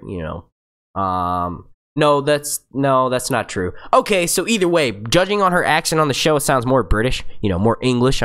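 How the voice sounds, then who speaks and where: A man's voice: medium pitch, a bit bright. A man talking into his computer microphone while he hosts a loose live Q&A for his channel. He rambles, trips over his own sentences and swears freely, with plenty of fillers. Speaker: YouTube show host. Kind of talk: casual live Q&A chat. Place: seated at a computer.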